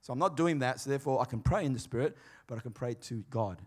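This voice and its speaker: A man preaching a sermon in a conversational, emphatic way, swinging between quiet and loud. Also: medium pitch, fast talker. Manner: conversational, emphatic, varied dynamics.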